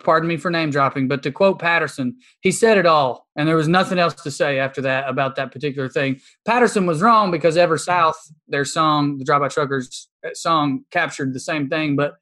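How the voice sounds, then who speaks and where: A comedian with a Southern US drawl talks frankly and profanely about his craft. His voice sits a little higher than most men's. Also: a little fast, few pauses, sharp tone. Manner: blunt, profane, opinionated. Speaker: comedian, podcast guest. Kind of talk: candid conversation.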